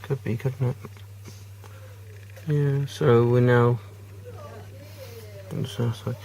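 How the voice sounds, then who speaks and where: A man's voice: mid-range voice, little pitch movement, slow, gravelly, poor audio. A man giving a casual, teasing commentary while driving, repeating silly catchphrases from inside a moving car. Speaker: vlogger filming a drive. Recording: loud road and engine noise.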